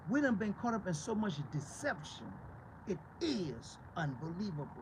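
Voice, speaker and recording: A man's voice: sits high, creaky, noisy background. A male pastor preaching a fiery, combative sermon, swearing freely and firing off rhetorical questions again and again.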